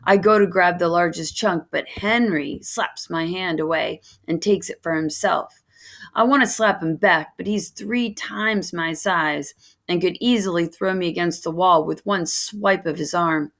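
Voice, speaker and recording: A woman reading a children's novel aloud in steady first-person narration. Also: lowish voice, measured pace. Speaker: reader of a novel.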